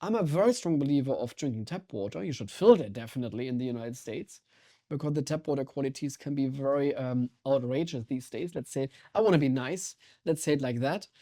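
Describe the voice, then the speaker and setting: A man with a German accent, a guest in a podcast interview, talking in an energetic, intense and emphatic way. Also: mid-range voice, fairly quick. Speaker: guest, water sommelier.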